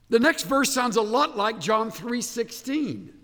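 Male pastor preaching, high voice, long reverb of a big hall, emphatic, voice sinks quiet at the end of phrases. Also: expressive, unhurried, hardly any pauses. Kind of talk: sermon.

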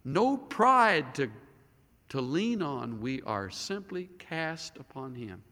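A man preaching a sermon as a pastor, dramatic, swinging between loud emphasis and hushed near-whispers. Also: fairly high pitch, big pitch swings, slow pace. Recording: long hall reverb.

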